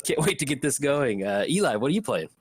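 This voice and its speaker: A man hosting a casual card game session with friends, upbeat and quick to laugh. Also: medium pitch, sing-song, slightly rough. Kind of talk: casual chat while playing a card game.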